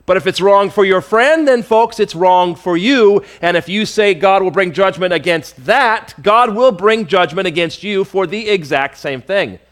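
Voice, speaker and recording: A man's voice: high-pitched, animated, moderate pace, few pauses, fairly bright tone. A male pastor preaching a conversational, emphatic sermon to his congregation.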